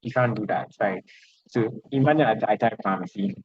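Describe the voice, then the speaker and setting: A man with a Ghanaian accent teaches programming over an online call. His voice is husky, and the audio is dull and lo-fi. He talks haltingly, restarting and repeating words as he works through his screen. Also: fairly low pitch, a little mellow, no echo. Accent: Ghanaian English. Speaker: programming instructor. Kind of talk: online lecture with screen sharing.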